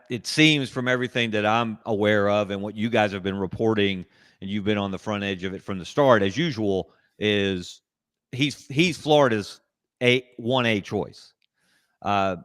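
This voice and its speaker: A man guesting on a sports talk show, making measured, analytical points over a video call in a casual discussion. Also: mid-range voice, a bit bright, dry recording, studio quality.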